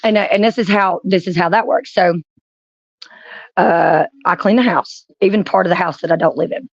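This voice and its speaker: A woman's voice: fairly low pitch, normal speed, no room sound, muffled recording. A woman streamer telling rambling stories in casual chat, often breaking into laughs. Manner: rambling anecdotes with frequent laughs.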